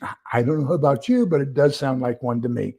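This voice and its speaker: A livestream host with a dark, mid-range voice and a breathy edge talks fairly quickly, rambling with lots of fillers. He reads a document aloud while fumbling with his screen sharing.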